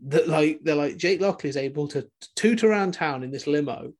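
A man's voice: on the high side, animated, brisk, darkish tone. A man hosting a podcast in a casual chat, rambling and restarting his sentences with the odd chuckle. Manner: rambling, self-interrupting, chuckling. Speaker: podcast host.

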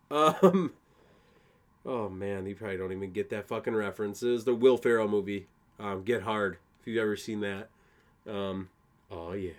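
A young man from Wisconsin hosting a casual solo podcast, rambling and swearing a lot, laughing at his own jokes. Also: on the low side. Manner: profane, rambling, laughs often. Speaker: podcast host.

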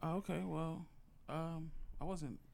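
A man with a gravelly edge in his voice co-hosts a relaxed podcast chat. He teases his partner, then moves the talk along to the next topic in an easygoing way. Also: on the high side, unhurried. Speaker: podcast co-host. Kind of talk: casual chat.

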